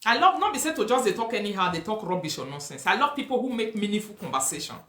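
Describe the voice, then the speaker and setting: A woman with a Nigerian accent hosts a live talk show, speaking fast in a mid-range, slightly bright voice with big swings in pitch, in a roomy-sounding space. She reads viewer comments and makes emphatic, preachy points, mixing Pidgin with English and repeating herself.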